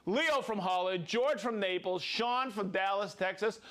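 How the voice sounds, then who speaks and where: Reading viewer shout-outs on his livestream, a man names people and their hometowns with upbeat cheers and chatty side comments. He speaks in a high-pitched, a bit bright voice at a measured pace.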